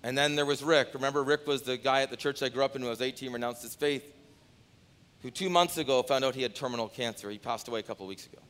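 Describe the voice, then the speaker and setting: A man preaching a sermon, moving from quiet storytelling to loud, rising pleas, often repeating phrases for emphasis. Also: medium pitch, quick pace. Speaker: pastor.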